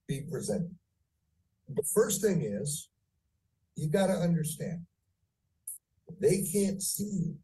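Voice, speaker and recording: A man teaching phone sales, speaking deliberately and varying pitch and pace for effect. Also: mellow, distant mic, poor audio. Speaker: sales trainer. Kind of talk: training lecture.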